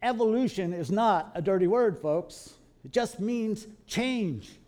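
A middle-aged man from Kentucky, telling animated stories to a live audience in a folksy preaching style, calling the listeners folks. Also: high-pitched, unhurried. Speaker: creationist speaker.

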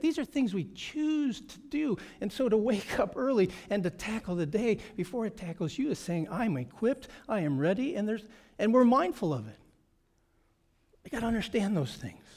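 Pastor, man in middle age, bright high voice, preaching with punchy repeated phrases. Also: sing-song, moderate pace. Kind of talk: sermon.

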